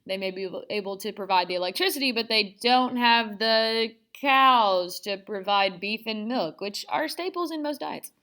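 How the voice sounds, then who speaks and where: A woman's voice: a little high, animated, normal speed, hardly any pauses, sharp tone. A woman teaching a history lesson in a chatty, casual way, full of sarcastic asides. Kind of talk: casual classroom lecture.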